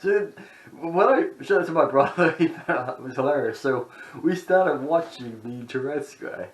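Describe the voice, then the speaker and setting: A man's voice: a little high, animated, moderate pace. A man vlogging in a casual, rambling way, chuckling between thoughts. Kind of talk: casual chat. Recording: roomy echo.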